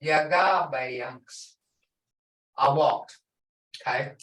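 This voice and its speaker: A woman language teacher explains slowly, going over each example word again and again. She sits some distance from her mic, so the voice sounds roomy and a little far off. She is patient and clear. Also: deep voice. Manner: slow, patient explaining with repeated example words. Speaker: language instructor. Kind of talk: online language lesson.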